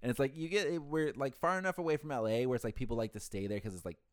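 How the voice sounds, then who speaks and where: A man's voice: medium pitch, very fast, clear, resonant tone, no echo, studio quality. A man working a hotel front desk, chatting casually and acting out the callers he deals with, swearing freely as he goes. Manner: animated storyteller, acts out callers in quoted voices, swears casually. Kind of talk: casual chat.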